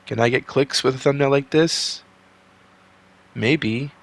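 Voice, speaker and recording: A man doing play-by-play for a basketball video game simulation, swinging from calm asides to excited outbursts, a bit sick. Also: mid-range voice, slow, vocal fry. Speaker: video game sim commentator. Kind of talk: play-by-play commentary.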